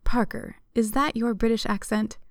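Woman reading a poised woman, wry, teasing, raspy. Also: fairly high pitch, fairly even intonation, normal speed, no echo, clean studio sound, pitched above the performer's own voice, natural voice.

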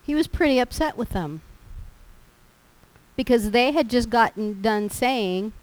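A woman's voice: a little high, unhurried, rough recording. Folksy woman preaching a sermon. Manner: folksy, animated storytelling. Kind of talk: sermon with personal stories.

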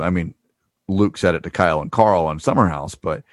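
Low-voiced man in casual show chat. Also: no room sound. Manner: halting, with frequent ums and uhs. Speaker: podcast co-host.

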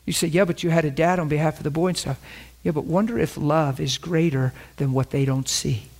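A man's voice: a little high, a little fast. A man preaching a sermon, telling stories and acting out both sides of the conversations. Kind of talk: sermon with acted-out anecdotes.

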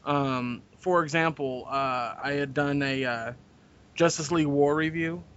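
A man co-hosts a casual podcast, chatting with a joking, wry tone. His voice sits a little high, and the lo-fi recording sounds dull. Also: unhurried, a bit bright, clean tone. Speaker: podcast co-host. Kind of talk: casual chat. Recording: dull lo-fi audio.

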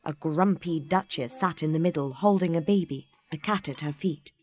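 A woman narrating a children's storybook in an expressive, unhurried way. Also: deep voice.

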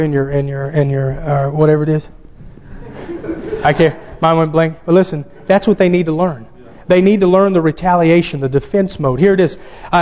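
A man preaching a sermon, fervent and growing excited as he quotes scripture. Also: a little high. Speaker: pastor. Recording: dull lo-fi sound with long hall reverb.

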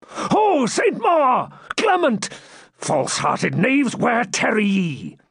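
Brief: furious injured nobleman, male reader, slow and animated, dry close sound. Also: very high voice, creaky, husky, no room sound, full character voice. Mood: raging. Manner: furious, shouting, cursing. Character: wounded, raging knightly baron. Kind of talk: audiobook character reading.

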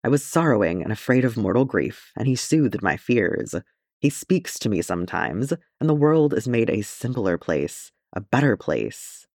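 A man reading the lines of a passionate, devoted male elf in an audiobook, speaking softly and earnestly. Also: on the low side, very animated, normal speed, no echo, clean studio sound. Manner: soft and earnest, turning insistent.

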